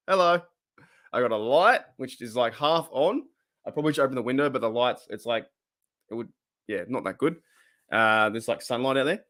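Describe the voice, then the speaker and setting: Chatty Australian bloke talking footy at home. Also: male voice, mid-range voice, normal speed, pauses often, a bit bright. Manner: chatty, rambling, frequent restarts. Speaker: podcast host answering fan questions. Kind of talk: casual solo chat. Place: small home room. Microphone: desktop USB microphone.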